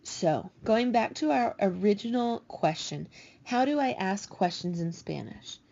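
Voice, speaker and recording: A woman teaching a recorded language lesson, patiently explaining and slowing down to spell out each example. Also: mid-range voice, expressive, gravelly, warm tone. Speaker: Spanish teacher. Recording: dull lo-fi recording.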